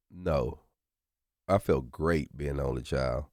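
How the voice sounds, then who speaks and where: A man's voice: extremely low pitch, creaky, no echo, clean studio sound. A middle-aged man, a comedian chatting as a podcast guest and acting out his family's voices as he tells stories. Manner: animated storyteller, acts out family voices. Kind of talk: casual podcast chat. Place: podcast studio.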